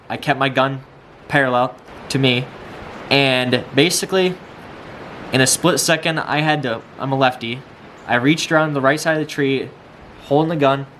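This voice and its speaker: Young male hunting vlogger from Iowa, breathless and excited, mid-pitch voice, outdoor camera audio with faint hiss. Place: outdoors in a field.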